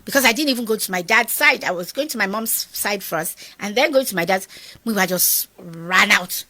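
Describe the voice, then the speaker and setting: A middle-aged Nigerian woman telling a personal story in an interview, animated and acting out the dialogue of the people in it. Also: medium pitch, normal speed, no echo. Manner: animated, acts out quoted dialogue. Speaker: guest.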